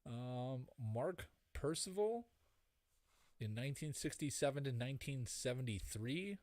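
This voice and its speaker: A man co-hosting a casual podcast chat, halting and reading out lists of names. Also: medium pitch, animated, a little mellow, no room sound. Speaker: podcast co-host.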